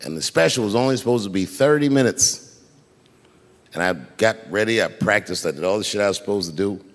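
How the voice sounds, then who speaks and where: A man doing stand-up comedy, telling a story in an animated, profane way. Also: fairly low pitch, a little fast, in a large hall.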